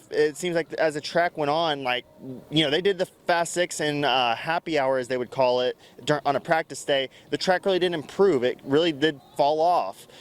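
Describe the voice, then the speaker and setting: A man's voice: fairly high pitch, clean tone. A man hosting a casual motorsport recap, talking loosely and conversationally. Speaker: racing show host.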